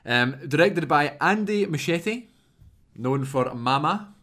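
A man's voice: fairly high pitch, lively intonation, measured pace, a bit bright. A man co-hosting a podcast, running through the cast in informal, jokey chat. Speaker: podcast co-host. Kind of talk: casual chat.

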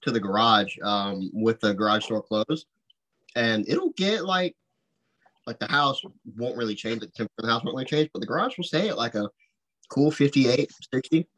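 Relaxed man explaining in detail. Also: medium pitch, normal speed, low-quality recording. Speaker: guest. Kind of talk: casual podcast chat.

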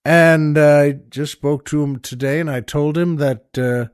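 Folksy older man spinning a slow yarn. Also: fairly high pitch, fairly even intonation, clean tone, no room sound, studio quality. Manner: rambling, folksy, many "well" and "by the way" asides. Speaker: podcast host. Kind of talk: casual storytelling monologue.

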